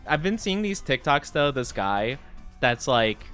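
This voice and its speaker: A young man chatting casually on a live stream, rambling and self-deprecating, often jumping into high squeals. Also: big pitch swings, measured pace, fairly bright tone, soft background music.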